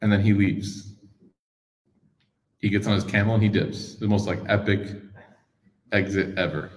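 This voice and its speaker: A man, preaching in a casual, animated storytelling style full of slang. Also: fairly low pitch, normal speed. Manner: animated, slangy, acts out quoted voices. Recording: echoey hall with long reverb.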